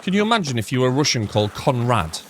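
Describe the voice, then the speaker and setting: A man streams a shooter game live, thinking aloud as he plays. He chats with his viewers between moves, tossing in jokes and the odd swear word. His voice sits at an ordinary middle pitch over a faint bed of noise. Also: very animated, very fast. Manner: rambling, thinking out loud, chatting to viewers; swears casually, jokey asides. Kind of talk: live gameplay commentary.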